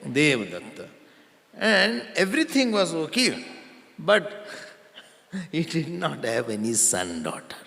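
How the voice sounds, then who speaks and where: A male spiritual teacher telling a story to an audience, often quizzing them and repeating names, sometimes chanting verses slowly. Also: a little high, huge pitch swings, vocal fry, sharp tone. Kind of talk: storytelling discourse. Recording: long hall reverb.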